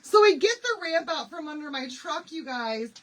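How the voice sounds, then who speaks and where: A woman hosting a craft livestream, telling stories in an animated, confiding way and talking to commenters by name. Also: high voice, normal speed, distant mic, rough recording. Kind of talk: chatty storytelling while demonstrating a craft.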